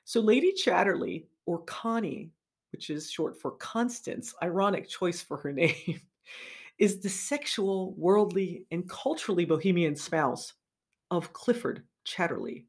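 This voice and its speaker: Woman, middle-aged, literature lecture, lively and expressive, fairly low voice. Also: measured pace, slightly rough. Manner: animated, laughs between remarks. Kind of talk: literature lecture with read passages.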